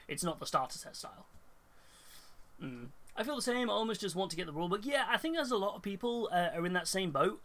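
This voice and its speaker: Slightly high and a bit bright, this man's voice sounds stuffed up from a cold. On his live hobby stream he chats casually and rambles, reading chat and thinking out loud with frequent fillers and restarts.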